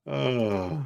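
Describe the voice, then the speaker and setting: A young man with a Southern American accent and a deep baritone voice, chatting casually on a live stream, reading viewer comments aloud and rambling with frequent chuckles. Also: creaky. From South Carolina, USA. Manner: rambling, chuckles often, reads chat aloud.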